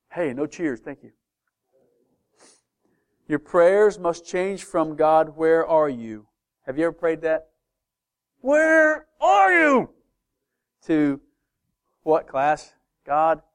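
A male preacher delivering a sermon in a church, animated, firing rhetorical questions and swinging between soft asides and loud emphasis. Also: a little high, clear, resonant tone.

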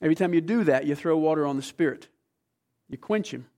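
A man preaching a sermon as pastor, emphatic, swinging between hushed, slow passages and forceful ones. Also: a little high.

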